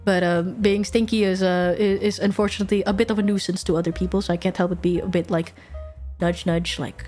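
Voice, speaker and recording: Animated swearing young woman streamer. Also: lowish voice, fairly quick, soft background music. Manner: animated, swears freely, laughs often. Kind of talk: casual chat stream.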